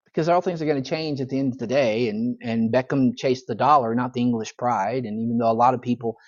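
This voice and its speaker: A man's voice: medium pitch, steady tone, fast talker, darkish tone. A male pastor leads a Bible study, spinning conversational, folksy stories for his class. His voice sits in an ordinary middle register. The church recording sounds dull and lo-fi.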